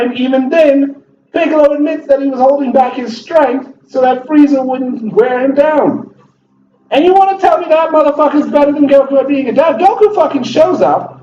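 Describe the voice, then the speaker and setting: A man's voice: high voice, dark tone, reverberant, far from the mic, lo-fi sound. A man hosting a gaming video, ranting in heated, profane commentary while he plays. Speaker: gaming channel host.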